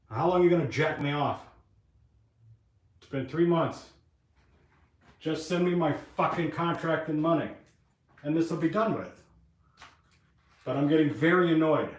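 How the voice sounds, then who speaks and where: A man's voice: a little high, unhurried, pauses often. Profane, rambling man in an echoey shop. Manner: rambling, profane, venting frustration. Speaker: webcam channel host. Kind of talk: casual live-stream talk while working. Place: private workshop, indoors. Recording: echoey room, mic far off.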